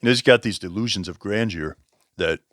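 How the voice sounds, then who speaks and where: A man's voice: on the low side, fairly quick, a bit bright, no echo, clean studio sound. A man casually reviewing a book, rambling, correcting himself and chuckling as he talks. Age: over 20.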